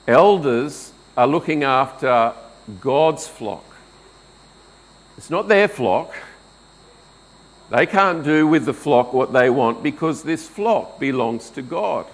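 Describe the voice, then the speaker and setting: Slow, deliberate male preacher. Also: mid-range voice, rough recording. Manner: slow, deliberate, rhetorical questions. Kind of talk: expository sermon.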